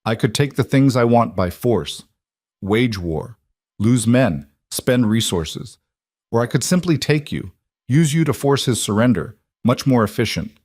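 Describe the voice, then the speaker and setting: A man voicing an older male crime boss who threatens calmly and with cold amusement. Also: medium pitch, no echo, clean studio sound. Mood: menacing. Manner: calm, measured threats.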